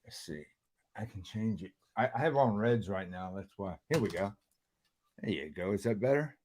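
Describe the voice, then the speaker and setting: A low-key man chatting on a video call, with a dry sense of humor. His voice sits on the lower side. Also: expressive, normal speed, a little mellow, a little hiss or hum. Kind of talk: casual video call chat.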